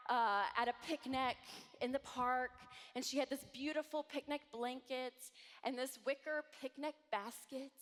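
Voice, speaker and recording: Animated woman speaking in a hall. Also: high-pitched. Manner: animated, acts out quoted voices. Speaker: conference speaker. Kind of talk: live conference talk. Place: large hall with audience. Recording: long hall reverb.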